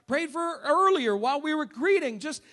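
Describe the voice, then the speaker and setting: A man preaching a sermon in church as pastor, emphatic, swinging between shouts and hushed asides. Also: very high-pitched, animated, a little fast. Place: church service.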